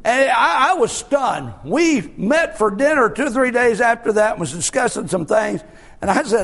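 A man preaching a sermon, shouting his points with drawn-out "uh" fillers, then dropping to soft, low asides. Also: sing-song, gravelly.

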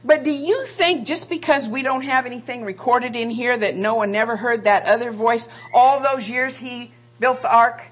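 A woman's voice: fairly high pitch, moderate pace, hardly any pauses. A woman preaching a sermon, asking rhetorical questions and drawing out key phrases for emphasis.

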